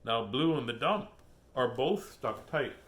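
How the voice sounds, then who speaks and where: Man, storybook reader, lively singsong pitch, bright voice, jokey. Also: a little slow. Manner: playful, jokey, laughs at his own puns. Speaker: host reading children's books aloud. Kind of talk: casual storytime reading.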